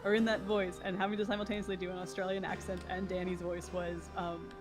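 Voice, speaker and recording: A woman's voice: fairly low pitch, little pitch movement, fast, over music. A woman co-hosting a let's play, chatty and rambling into tangents, laughing between words. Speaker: co-host.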